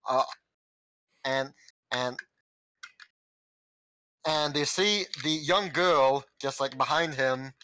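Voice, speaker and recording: A man narrating a tabletop game as game master, halting with many restarts and chuckles. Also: mid-range voice, sharp tone, a little hiss or hum, low-quality recording.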